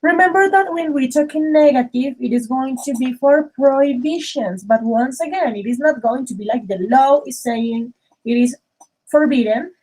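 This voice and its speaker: Woman, english teacher, high voice, affectionate, calls students dears, online class over video call. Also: moderate pace, darkish tone, low-quality recording. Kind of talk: online class, explaining grammar.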